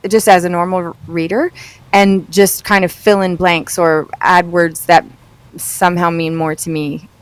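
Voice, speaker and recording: A woman's voice: lowish voice, level tone, a little slow, clear, resonant tone. A woman who narrates audiobooks, chatting casually on a video call and laughing often. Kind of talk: casual chat.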